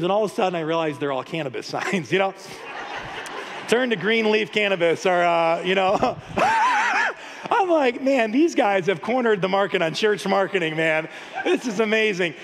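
A pastor preaching a lively, story-filled sermon, often laughing. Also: male voice, fairly high pitch. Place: church sanctuary. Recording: long hall reverb.

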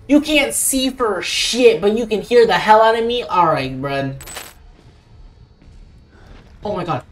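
Jumpy young man, lively pitch. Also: normal speed, soft background music. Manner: jumpy, swearing, hushed and frantic by turns. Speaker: gaming channel host. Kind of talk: horror game let's-play commentary.

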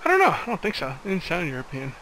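A man's voice: sits high, huge pitch swings, rapid-fire, sharp tone, slight background noise, low-quality recording. A man hosting a let's play, chatting and joking as he plays. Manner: joking, rambling. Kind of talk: casual gaming chat.

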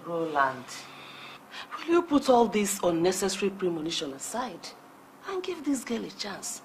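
An actress with a Nigerian accent playing a gentle, forgiving mother who soothes her daughter. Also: medium pitch, very animated, normal speed, a little hiss or hum, close to an everyday voice. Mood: pleading. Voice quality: soothing, murmured reassurance. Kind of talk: Nollywood film acting. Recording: film audio with loud music.

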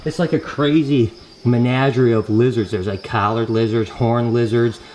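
A middle-aged man talking casually to camera as a vlogger host, chatty and excitable, calling his viewers guys. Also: medium pitch, moderate pace, slight background noise. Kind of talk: casual vlog talk to camera.

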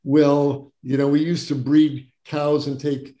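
A man's voice: a little high, level tone, slow, warm tone, reverberant, muffled recording. An older man from Wisconsin, a doctor being interviewed, telling his story earnestly and stressing words by repeating them. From Wisconsin, USA. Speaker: guest doctor.

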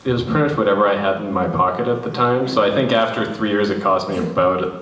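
A man's voice: on the low side, fast talker, fairly bright tone. A man, a film director, answering audience questions with dry, self-deprecating jokes. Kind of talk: live Q&A answers. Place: cinema hall after a screening. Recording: roomy, distant mic, faint ambience.

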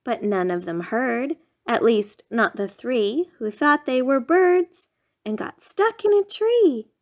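A woman reads a rhyming picture book aloud at an unhurried pace. Her voice sits a little high, and she keeps a lilting, sing-song bedtime storytelling manner throughout. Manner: sing-song, lively bedtime reading with playful raised shouts.

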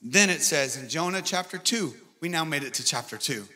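A man preaching a sermon as pastor, animated and swinging between loud and soft delivery. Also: on the high side, fairly quick. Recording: long hall reverb with faint music.

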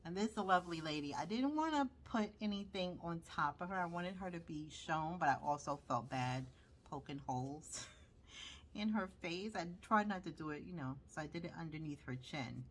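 A woman's voice: lowish voice, animated, normal speed. A woman with a Brooklyn accent showing her handmade journals, chatting casually and rambling with lots of fillers. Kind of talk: casual show-and-tell.

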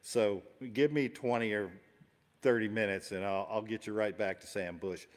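A man's voice: lowish voice, fairly even intonation, moderate pace. A man hosting a livestream concert from his home studio, chatting casually and rambling in an easygoing, self-deprecating way. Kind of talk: casual chat to an online audience. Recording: long reverberant room sound.

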